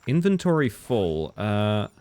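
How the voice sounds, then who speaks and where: A man's voice: fairly low pitch, big pitch swings, slow pace, a little mellow, smooth. A man streaming a video game live, chatting casually with viewers and reacting to the game as he plays. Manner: chatty, answers chat and reacts to the game as he goes. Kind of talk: casual live-stream commentary while playing.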